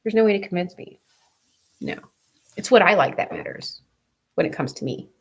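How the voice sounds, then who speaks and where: Gravelly, husky woman vlogger. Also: lowish voice, wildly swooping pitch, normal speed. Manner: blunt, profane, rambling. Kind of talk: casual vlog chat.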